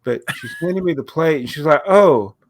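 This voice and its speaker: A man's voice: a little high, fast talker, no echo, studio quality. A man with a nasal, stuffed-up voice, recovering from a cold, telling a rambling story on a casual podcast with frequent laughs. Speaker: podcast co-host. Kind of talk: casual chat.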